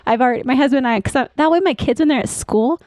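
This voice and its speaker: A woman's voice: high voice, very fast, a little mellow, dry recording. A young adult woman hosting a podcast, chatting casually and playfully, often laughing. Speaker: podcast host.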